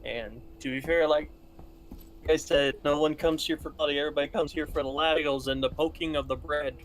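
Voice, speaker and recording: A man's voice: a little high, steady tone, brisk. A man hosting a casual gaming stream, rambling and laughing often with friends. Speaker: streamer host.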